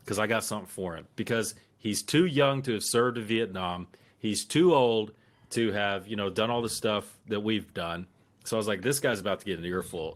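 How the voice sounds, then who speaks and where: A man co-hosting a casual podcast, telling a profane anecdote with lively acted-out quotes. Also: on the low side. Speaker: occasional co-host.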